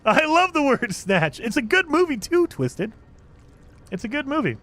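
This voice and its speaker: Lively, high-voiced chatty man streaming. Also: moderate pace. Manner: chatty, laughs often, restarts sentences. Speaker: streamer reading chat. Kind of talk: casual live-stream chat.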